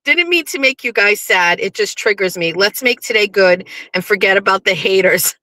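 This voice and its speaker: Bright-voiced chatty woman host. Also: medium pitch, moderate pace, no room sound. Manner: chatty, swears, talks back to the chat. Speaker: livestream show host. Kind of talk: casual chat to live viewers.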